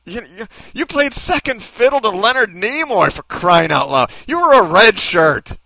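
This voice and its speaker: A man's voice: high-pitched, sing-song, moderate pace, creaky, bright, forceful tone, dry recording. A man hosting a talk show, ranting in a sarcastic, mocking way and needling people off mic. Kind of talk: comedic opinion rant.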